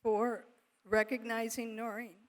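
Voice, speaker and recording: A woman's voice: on the high side, flat delivery, unhurried. A woman presenting an award at a ceremony in a large hall, formal and heartfelt. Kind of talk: ceremony introduction.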